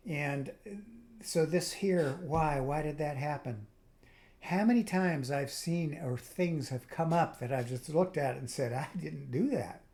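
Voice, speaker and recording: A man's voice: fairly high pitch, unhurried, darkish tone. A man hosting his own video, talking through a reflective spiritual monologue in a rambling way, with frequent restarts and trailing asides. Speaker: video host.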